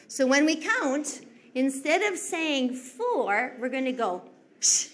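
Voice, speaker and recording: A woman teacher leading a class in counting games, slow, sing-song and encouraging. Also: high voice, very animated, fairly bright tone, a little hiss or hum. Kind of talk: classroom instruction.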